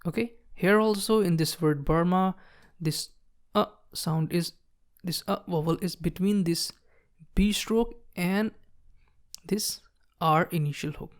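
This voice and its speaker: Lowish woman teaching shorthand step by step. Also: takes it slowly, pauses often. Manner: patient, explains while writing, frequent "okay, so see". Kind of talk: step-by-step tutorial.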